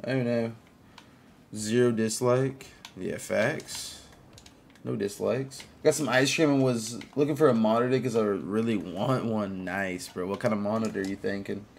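Low, gravelly guy streaming a game, loose and chatty, welcomes viewers and shouts at plays; light hiss behind him. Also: steady tone, moderate pace. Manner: greets viewers and reacts to gameplay. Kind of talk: casual live-stream gaming chat.

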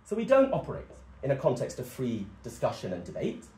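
A man's voice: mid-range voice, wildly swooping pitch, a little fast, warm tone. A young man giving an impassioned, emphatic political speech at a meeting. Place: meeting room. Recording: echoey meeting room.

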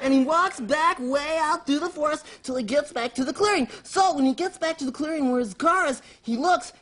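A man's voice: extremely high pitch, brisk, a bit bright. A man playing a giddy childlike man-boy. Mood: giddy storytelling. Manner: giddy, rambling, restarting, gleeful. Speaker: talk show guest. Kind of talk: comic character performance.

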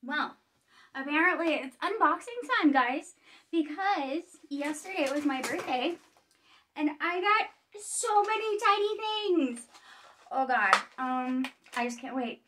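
A woman in her thirties chatting in a casual unboxing vlog, bubbly, excitable and rambling. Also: sits high, slow pace, recorded from a distance, noisy background. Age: 30s. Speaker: vlogger.

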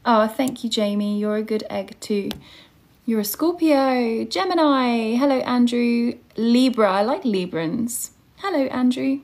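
A woman's voice: fairly high pitch, unhurried, a little mellow. A young woman hosting a casual livestream and teaching English online, greeting viewers by name and reading out their star signs.

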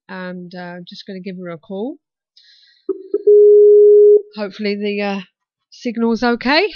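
A woman's voice: medium pitch, a bit bright, no room sound. A woman hosting a casual talk show, chatty and hesitant with lots of fillers. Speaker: radio talk show host. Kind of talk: casual chat. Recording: muffled dry sound.

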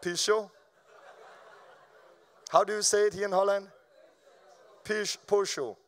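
A man with a notably high speaking voice tells a personal testimony from the pulpit. He keeps it animated and informal, laughing along and stumbling over repeated words as the story spills out. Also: moderate pace. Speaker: preacher. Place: live event before an audience.

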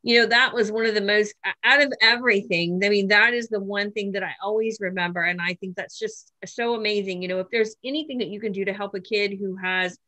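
A woman's voice: mid-range voice, fairly quick, few pauses, sharp tone, no room sound, rough recording. A woman hosting a casual interview, encouraging her guest with frequent affirmations.

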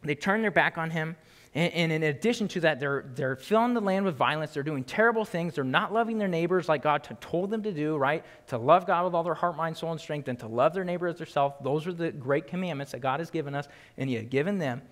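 A man's voice: fairly high pitch, fast talker, a bit bright. A man teaching a Bible study in a casual, emphatic way, often checking in with "right?". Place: church sanctuary. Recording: long hall reverb.

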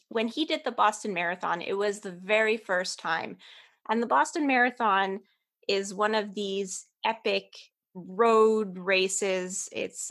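A woman hosting a podcast, explaining and introducing the next guest clearly. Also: medium pitch, fairly bright tone. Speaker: podcast host.

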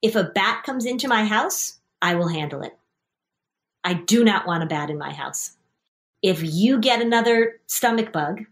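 A middle-aged woman therapist hosting a session, coaching a parent and child and telling stories with acted-out voices. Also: medium pitch. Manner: lively storyteller, acts out scenes with voices. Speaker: anxiety therapist and podcast host.

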